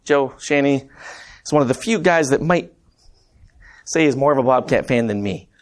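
A man's voice: medium pitch, lively intonation, moderate pace. A man preaching a conversational sermon, telling stories and calling the congregation "guys". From Montana. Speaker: preacher and math teacher.

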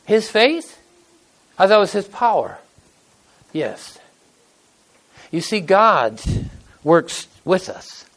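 High-pitched older guy preaching, loose and folksy, tells stories like at a kitchen table. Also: sing-song, takes it slowly, pauses often, fairly bright tone. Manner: folksy, conversational, acts out quotes. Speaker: pastor. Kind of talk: casual sermon storytelling.

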